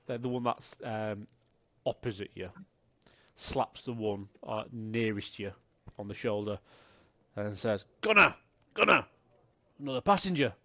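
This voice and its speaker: A man narrating as game master, talking in halting bursts with many restarts. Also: fairly low pitch, flat delivery, dry recording. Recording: dry, slightly dull online call audio.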